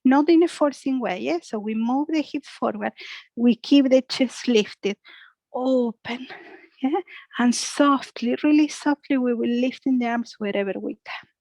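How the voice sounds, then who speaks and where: Female yoga teacher, non-native speaker, soothing slow instructions with a tag "yeah?", fairly high voice. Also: no room sound, poor audio. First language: Spanish. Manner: soft, slow cues ending in "yeah?". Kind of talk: guided yoga class.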